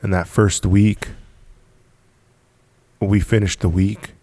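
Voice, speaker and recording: A man's voice: on the low side, flat delivery, slow pace, warm tone, dry recording. A man talking as a podcast guest, telling his story in an emphatic, punchy way with repeated phrases. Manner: emphatic, repetitive, punchy storytelling with frequent laughs. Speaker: podcast guest, business founder. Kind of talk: casual storytelling in conversation.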